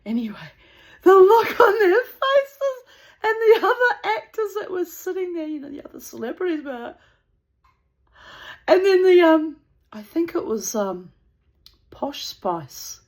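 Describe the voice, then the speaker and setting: A woman's voice: very high-pitched, sing-song, measured pace, long pauses. A woman telling a rambling, digressive anecdote in casual chat, breaking into laughter often. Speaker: channel host.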